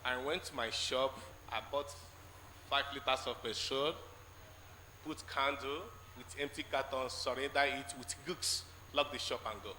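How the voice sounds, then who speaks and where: A man with a Nigerian English accent giving a spoken testimony in church, telling his story haltingly and acting out the conversations in it. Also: mid-range voice, steady tone, bright, forceful tone. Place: large church hall. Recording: echoey church hall with faint noise.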